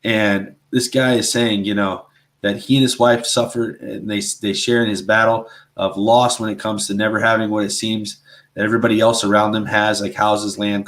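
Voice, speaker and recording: A man co-hosting a casual faith talk show, speaking earnestly and rambling, with a constant "right?" and "you know". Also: fairly low pitch. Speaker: podcast co-host.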